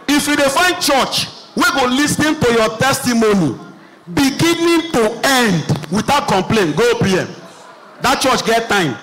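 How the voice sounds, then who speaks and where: A young man with a Nigerian accent performing an animated stand-up comedy routine, mimicking characters as he tells stories. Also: very high-pitched, poor audio. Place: live show before an audience. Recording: crowd noise, light background hiss.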